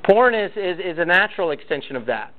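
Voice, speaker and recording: A man's voice: sits high, big pitch swings, quick pace. A man leading a church parenting class, talking casually to parents and telling stories with acted-out quotes. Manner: conversational, storytelling, acts out quotes. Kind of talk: casual teaching talk to parents. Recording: tinny phone-like sound.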